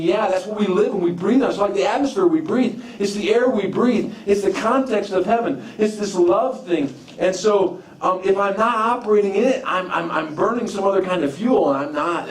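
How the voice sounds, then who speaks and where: A man's voice: high-pitched, moderate pace, few pauses. Male preacher in an echoey hall. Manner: conversational, repeats words and restarts, tells personal stories. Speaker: pastor. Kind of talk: sermon. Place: church sanctuary. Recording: echoey room from far off.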